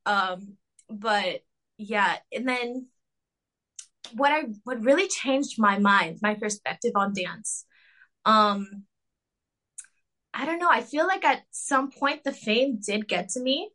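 A young woman talking casually as an interview guest, full of fillers, sometimes jumping high to act out quotes. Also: lively intonation, slow pace, pauses often, bright, forceful tone. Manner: chatty, filler-heavy with lots of "like" and "um"; acts out quotes in a high mocking voice.

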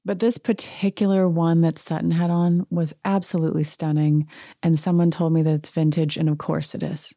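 Low-pitched, mellow, sarcastic woman. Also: flat delivery, dry recording, studio quality. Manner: sarcastic, chatty, quick to mock. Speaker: podcast host recapping a reality show. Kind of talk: casual chat.

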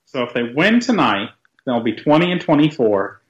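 A man co-hosting a casual sports podcast with deadpan, dry wisecracks. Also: medium pitch, moderate pace, muffled recording. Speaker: podcast co-host.

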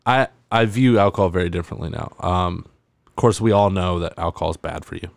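Young man, low voice, halting casual chat, dry close sound. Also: gravelly, dry recording. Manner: halting, with many fillers and restarts.

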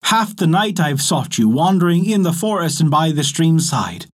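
A man's voice: on the high side, very animated, moderate pace, pitched above the performer's own voice. A man playing a brave, caring young hunter in a folktale, calling out urgently in a raised voice. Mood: warm.

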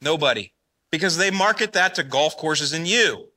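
A man in his forties giving an energetic conference talk, often firing questions at the audience. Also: a little high, moderate pace. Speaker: conference speaker.

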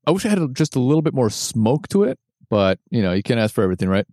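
A man's voice: medium pitch, sing-song, fast, mellow, no room sound, clean studio sound. A man co-hosting a whiskey tasting in casual chat, laughing often and repeating words as he thinks aloud.

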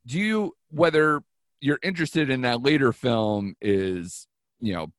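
A man hosting a casual film review chat, digressive, with quick laughing asides. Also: mid-range voice, expressive, dry recording, studio quality. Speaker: podcast host.

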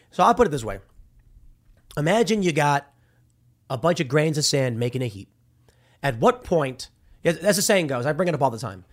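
A man with a slightly high-pitched voice talks in casual opinion commentary. He is animated and argumentative, and he keeps dropping slang as he makes his case.

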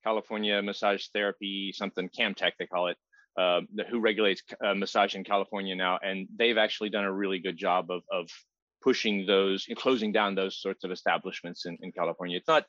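A man who is a massage therapist and anatomy teacher, a guest explaining things in a measured way in a casual interview. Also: low-pitched, fairly even intonation, a bit bright, no echo, highs cut off. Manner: measured, explanatory, some repeated words.

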